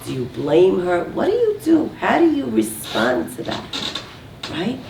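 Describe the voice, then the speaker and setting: A woman giving a talk to a live audience, lively and full of rhetorical questions. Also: medium pitch, a little slow, creaky. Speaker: speaker giving a talk on relationships. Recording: roomy, distant mic, faint noise.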